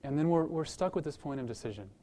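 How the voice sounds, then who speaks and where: Animated storytelling male pastor. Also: a little high, fast talker. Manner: animated storytelling, acts out quoted voices; conversational, repeats words as he restarts. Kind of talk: sermon with story and prayer.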